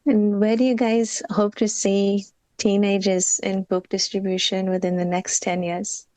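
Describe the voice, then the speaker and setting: A woman's voice: medium pitch, level tone, unhurried, mellow, dry recording, low-quality recording. A woman hosting a podcast interview, responding to her guest and asking questions in an encouraging way. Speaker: podcast host. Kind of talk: interview conversation.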